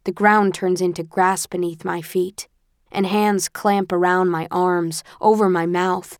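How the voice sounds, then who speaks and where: A woman narrating a first-person audiobook with a tense, expressive storytelling manner. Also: fairly low pitch, unhurried, no room sound, studio quality.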